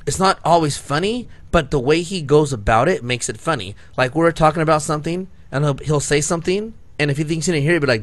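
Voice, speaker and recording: Talking fast in a fairly high, somewhat bright voice, a man co-hosting a podcast spins a long, casual story. He laughs a lot and keeps restarting and saying "like." The recording has no echo.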